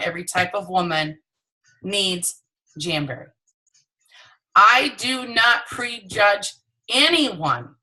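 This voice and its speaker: Middle-aged woman team leader, bright voice, lively storytelling pep talk into her phone. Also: low-quality recording. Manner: animated, acts out dialogue with high excited voices. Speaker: direct sales team leader. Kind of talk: motivational training talk.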